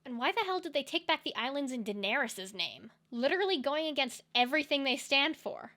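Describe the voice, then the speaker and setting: A young woman with a slightly high voice delivers comedic movie commentary. She rants with a dry, sarcastic edge, swinging between exasperation and jokes. Her talk is fast and conversational, like a video essay. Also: big pitch swings, bright, forceful tone. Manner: sarcastic, ranting.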